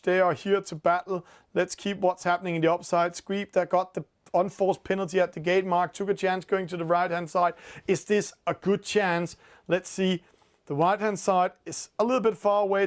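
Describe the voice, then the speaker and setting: Male esports commentator, high voice, excitable, lots of fillers. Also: moderate pace. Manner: excitable, rises sharply at penalties, many fillers. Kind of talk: live race commentary.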